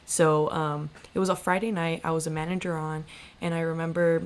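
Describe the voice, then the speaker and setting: A young woman co-hosting a podcast, telling a story in a casual, animated way and acting out the voices in it. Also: low-pitched, a little fast. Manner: animated, lots of "like" fillers, acts out quoted voices. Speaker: podcast co-host.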